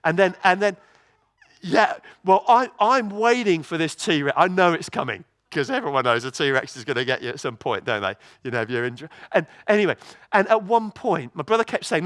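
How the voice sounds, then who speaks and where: Male preacher, high voice, animated storytelling sermon, stumbles and repeats words. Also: a little fast, dry recording. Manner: lively, storytelling, many restarts and repeated words. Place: church.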